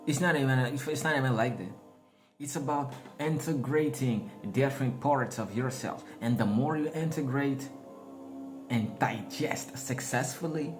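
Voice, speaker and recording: A man's voice: mid-range voice, moderate pace. A man giving a casual, rambling spiritual talk, slangy and often laughing at his own jokes. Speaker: spiritual vlogger. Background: background music.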